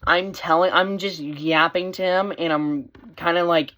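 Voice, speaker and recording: Teen boy, casual vlog storyteller, rambling and animated. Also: on the high side, unhurried. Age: teens. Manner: rambling, with many fillers and restarts; animated, voice rising when excited. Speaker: vlogger.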